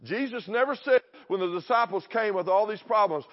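A man's voice: sits high, expressive, brisk. A man preaching a sermon to a church congregation, emphatic, repeating phrases and putting questions to the crowd. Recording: dull lo-fi recording.

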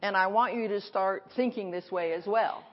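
A woman pastor from the United States preaching a sermon at a conference, speaking in emphatic, repeated declarations with dramatic pauses. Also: mid-range voice, muffled recording. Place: conference hall.

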